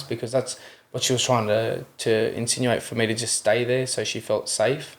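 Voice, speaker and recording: Gravelly young Australian man, earnest storyteller. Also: mid-range voice, level tone, normal speed, few pauses. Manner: earnest, keeps adding "you know what I mean"; acts out the voices in his retellings. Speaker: podcast guest. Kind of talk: candid interview storytelling.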